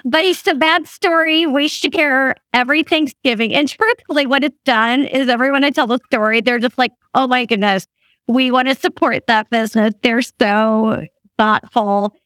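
A woman's voice: high voice, normal speed, no echo, clean studio sound. A woman in her fifties telling a story in a casual chat, laughing often and acting out what others said. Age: 50s. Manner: laughs often while talking, animated quoting of others. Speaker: guest.

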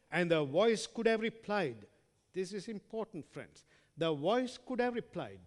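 A man preaching a sermon who reads scripture aloud, asks the listeners rhetorical questions and calls them friends, with strong shifts between loud emphasis and quiet trailing words. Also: high-pitched, very animated, measured pace. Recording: long hall reverb.

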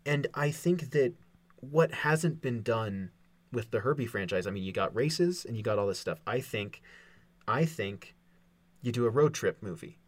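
A man's voice: medium pitch, lively intonation, measured pace, no room sound. Man, podcast co-host, casual chat, rambling, repeats himself, playful.

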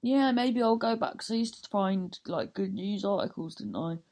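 A woman's voice: medium pitch, animated, normal speed, darkish tone. A woman comedian hosting her own podcast, wrapping up an episode in a rambling, self-mocking way that keeps losing its thread. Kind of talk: casual podcast sign-off.

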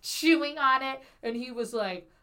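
A woman's voice: sits high, a little slow. A young adult woman hosting a podcast, telling a comic story in casual chat, acting out what people said and laughing as she goes. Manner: animated anecdote-telling, acts out quotes, laughs mid-sentence, swears freely. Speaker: podcast host.

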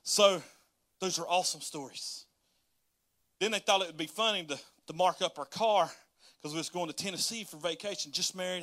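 A man, a pastor giving a casual livestream sermon full of folksy stories and laughter. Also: high-pitched. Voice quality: folksy, laughing, storytelling, animated.

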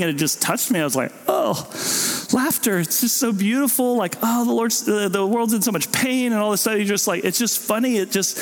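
A young adult male pastor preaching a casual, animated sermon, slipping into playful voices for babies and parents. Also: a little high. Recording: long hall reverb.

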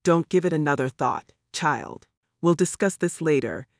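Storybook part: a male narrator voicing an anxious, pious old great-aunt who scolds in quick worried questions, in a dry close voice. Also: fairly high pitch, no echo, natural voice. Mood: dismissive. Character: fretful devout elderly great-aunt woman. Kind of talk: audiobook character voice.

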